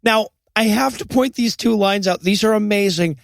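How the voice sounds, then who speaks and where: A man co-hosting a comedic movie review podcast, animated and mocking the film's lines. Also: high-pitched, normal speed, vocal fry, dry recording. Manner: animated, mocks film lines with shouted quotes. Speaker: podcast co-host.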